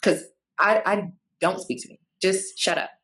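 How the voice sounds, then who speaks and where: A woman's voice: lowish voice, measured pace. A woman co-hosting a podcast in casual chat, blunt and swearing freely, acting out quoted reactions in different voices. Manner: animated, acts out quoted reactions in varied voices. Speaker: podcast co-host.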